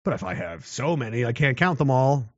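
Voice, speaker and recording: A man talking casually and giving his opinion, swinging into loud mocking voices. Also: mid-range voice, sing-song, fairly quick, no room sound, lo-fi sound. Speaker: commentator.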